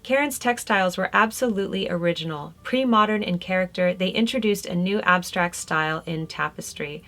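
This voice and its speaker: A woman hosting a lifestyle video reads art history notes aloud, breaking off for chatty asides and laughing between remarks. Her voice sits on the low side, with a fairly bright tone and a fairly quick pace.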